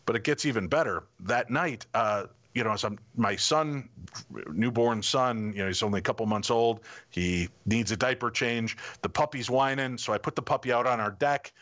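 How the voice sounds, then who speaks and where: A middle-aged man, a podcast guest, telling a personal story in a lively way and acting out what people said. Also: mid-range voice, normal speed. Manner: animated anecdotal storytelling, acting out quotes. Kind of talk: casual storytelling.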